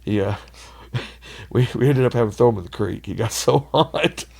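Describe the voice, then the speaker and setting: Man, gravelly, mid pitch; rambling storyteller, laughs easily, gets loud acting out others. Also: moderate pace. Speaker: podcast guest. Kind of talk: casual storytelling chat.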